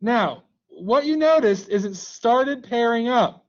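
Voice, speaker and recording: High-voiced joking male teacher. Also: lively intonation, slow, dull audio. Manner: joking, playful, coaxing students. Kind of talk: live online class teaching. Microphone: computer mic on a video call.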